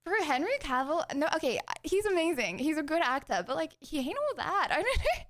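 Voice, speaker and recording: High lively giggly young woman host. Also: a little fast. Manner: rambling, giggly, teasing. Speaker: streamer hosting a podcast. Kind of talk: casual podcast chat.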